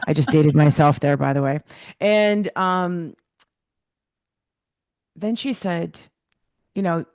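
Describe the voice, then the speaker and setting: A middle-aged woman telling a personal story as a podcast guest, animated and acting out the dialogue she remembers. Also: sits low, brisk, dry recording, clean studio sound.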